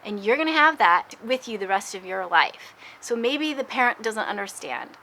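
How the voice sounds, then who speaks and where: Woman, middle-aged, earnest and encouraging, bright tone, talks in short restarting bursts. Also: on the high side, expressive, normal speed, slight background noise, poor audio. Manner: earnest, warm and encouraging, with faith talk. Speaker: lifestyle vlogger. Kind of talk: heartfelt personal advice to camera.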